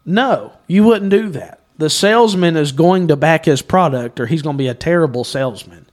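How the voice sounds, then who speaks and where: A man's voice: a little high, expressive, moderate pace. A man hosting a faith talk show, speaking in an emphatic, preacherly way.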